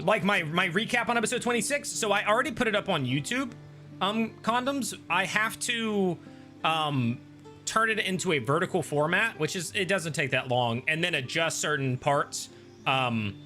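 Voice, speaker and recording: Bright-voiced man chatting while gaming. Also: fairly high pitch. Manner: rambling, many ums and restarts, reads chat aloud. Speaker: streamer and host. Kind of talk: casual chat while gaming.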